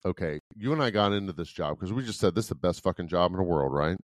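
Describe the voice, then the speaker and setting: Middle-aged male podcast co-host, very low voice, blunt and profane, dry close sound. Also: expressive, fast talker, no room sound. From Ohio, USA. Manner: blunt, profane, laughs often. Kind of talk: casual podcast chat.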